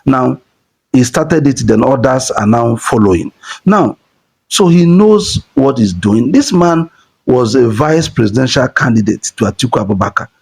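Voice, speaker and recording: A Nigerian man speaks in an earnest, insistent way, circling back to the same points to drive them home. His voice is gravelly with a husky edge, sitting at an ordinary pitch. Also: expressive, normal speed. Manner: earnest, repetitive, building to emphasis. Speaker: political supporter commentator. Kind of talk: casual political commentary.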